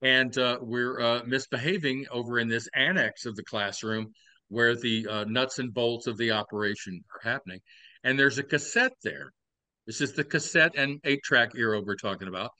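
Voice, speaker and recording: A man's voice: mid-range voice, normal speed, pushed and bright, no echo. A man in his sixties from Texas with a Southern accent, telling old stories on a podcast with wry, playful asides. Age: 60s. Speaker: podcast host. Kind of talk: casual storytelling chat.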